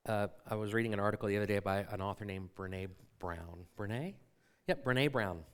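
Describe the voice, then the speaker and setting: A man's voice: lowish voice, a little fast, smooth. A middle-aged man preaching a sermon as a pastor in a church, conversational and full of rhetorical questions to the congregation. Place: church sanctuary.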